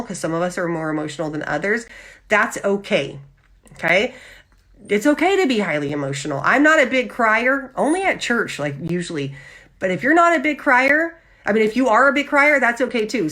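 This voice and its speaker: A woman hosting a live Christian devotional, talking animatedly and checking in with her listeners. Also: medium pitch. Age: adult with husband and child. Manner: animated, often checks in with "okay?"; acts out lively quoted voices. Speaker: Christian women's devotional host.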